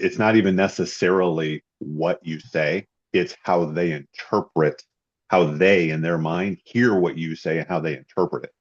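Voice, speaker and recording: A man with a very low, husky voice shares sales advice on a team call, stopping and restarting his sentences. The sound is dull and muffled, like a lo-fi call. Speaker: sales agent. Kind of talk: coaching call for insurance agents.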